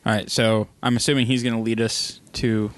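A man playing a tabletop game, chatty and eager with quick questions. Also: fairly low pitch, little pitch movement. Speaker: player. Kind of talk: casual tabletop game chat.

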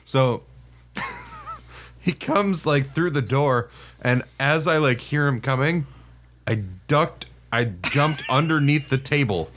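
A man's voice: mid-range voice, animated, takes it slowly, a bit bright, a little hiss or hum. A man casually telling a crude army story, laughing often and swearing freely.

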